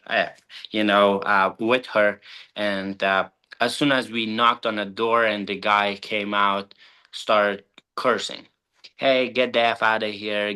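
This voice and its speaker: Bright-voiced man telling a halting story. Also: on the low side, clear, resonant tone. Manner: halting, many fillers. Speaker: insurance agent. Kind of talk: telling a work story on a training call. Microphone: video call.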